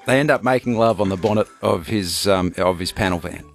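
A man's voice: low voice, fairly quick, gravelly, soft background music. A man co-hosting breakfast radio, telling a rambling joke with plenty of fillers. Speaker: radio co-host. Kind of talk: casual breakfast radio banter.

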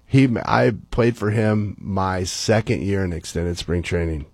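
A middle-aged man, a former baseball player, telling stories as a guest in casual talk, animated and acting out the people he quotes. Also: deep voice, unhurried, no echo. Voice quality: gravelly, husky. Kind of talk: casual storytelling.

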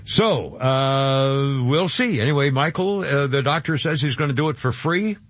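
A man's voice: medium pitch, expressive, a little slow, slight background noise. A man hosting a radio show, talking in a rambling, chuckling way that often trips over its own words. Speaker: radio host. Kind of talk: casual radio banter. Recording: dull radio broadcast sound.

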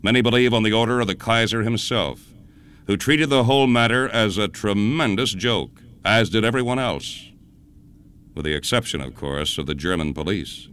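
A man hosting a radio show, telling a historical story in a measured, dramatic scripted narration. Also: fairly low pitch, fairly bright tone, smooth.

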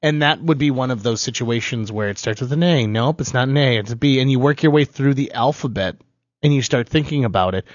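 A man's voice: medium pitch, a little fast, no room sound, lo-fi sound. A man, co-hosting a talk show with teasing, playful banter. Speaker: radio show co-host. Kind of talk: casual chat.

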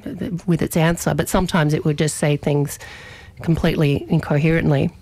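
A young adult woman radio host telling a story in an animated, chatty way, often restarting her sentences. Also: sits low, fairly quick, no room sound. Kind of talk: casual storytelling chat on radio.

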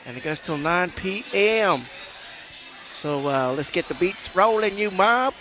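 Male radio host, slightly high voice, joking live from a fair with loud music behind. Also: lively intonation, measured pace. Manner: jokey, laughing, chatty. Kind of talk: live outdoor broadcast banter. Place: outdoor school fair.

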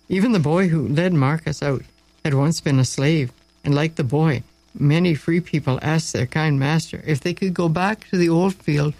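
Brief: male narrator, read-aloud story, expressive with dramatic slowing, dry booth sound. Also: fairly high pitch, no echo, rough recording.

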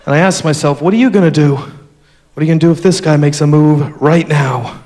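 A man doing a stand-up routine, telling a story with a deadpan delivery and sudden bursts. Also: a little high, fairly quick. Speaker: stand-up comedian.

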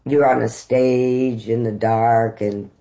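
A middle-aged woman from the United States, an actress being interviewed, telling lively stories and laughing often. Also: very deep voice, slow, low-quality recording. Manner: animated storyteller, laughs often. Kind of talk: conversational interview storytelling.

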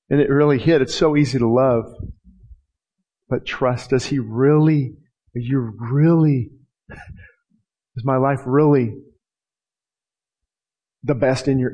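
A man's voice: mid-range voice, slow, long pauses, lo-fi sound. A middle-aged man preaching a passionate sermon as pastor, acting out prayers and quotes and often restarting his sentences.

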